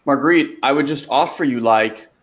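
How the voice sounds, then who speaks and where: A man's voice: medium pitch, moderate pace, a bit bright. A man hosting a webinar, talking loosely as a life coach and answering a listener's question, with lots of "like" and "you know". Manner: loose, conversational, many fillers like "like" and "you know".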